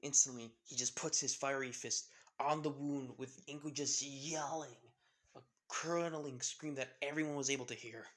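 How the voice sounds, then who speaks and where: A man narrating an improvised fan story in a mid-pitched voice. He rambles, restarts often and keeps linking scenes with loose fillers. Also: steady tone, normal speed, fairly bright tone. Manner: rambling, heavy use of "with, of course" and restarts.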